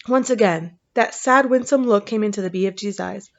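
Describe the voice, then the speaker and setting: A woman narrating a storybook aloud, reading steadily and dropping into soft, casual asides. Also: mid-range voice, fairly quick, muffled recording.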